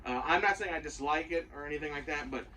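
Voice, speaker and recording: A man's voice: a little high, quick pace, pushed and bright, distant mic, a little hiss or hum, poor audio. A man giving a casual, rambling and profane spoken review of a show, full of opinions.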